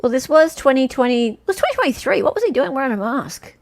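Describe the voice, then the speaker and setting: A woman's voice: sits high, big pitch swings, quick pace. Chatty Australian woman running a quiz. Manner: chatty, laughs often, reads out viewer names. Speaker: livestream host. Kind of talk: casual livestream chat and quiz.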